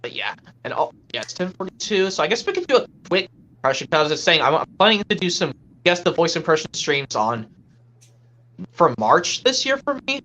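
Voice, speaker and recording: Rambling, lively co-host on a chat stream. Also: mid-range voice, brisk. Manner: rambling, restarting sentences.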